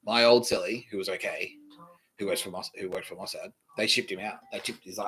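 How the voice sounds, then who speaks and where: A man hosting a podcast, telling a rambling comic story with lots of swearing and animated delivery. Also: low voice, a little fast, rough recording. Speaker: podcast host. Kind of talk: comedic storytelling monologue.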